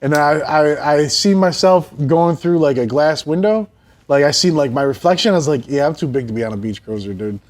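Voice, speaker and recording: Profane, animated man telling stories. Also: fairly high pitch, brisk. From Buffalo, New York. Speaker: guest. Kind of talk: casual interview chat. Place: his store.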